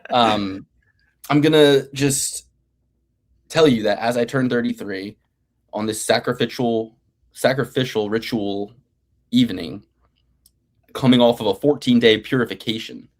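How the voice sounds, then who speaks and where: A man's voice: medium pitch, measured pace, long pauses. A man in his thirties hosting a betting picks show, talking in a rambling, profane, playfully grandiose way. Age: 30s. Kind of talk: casual podcast banter.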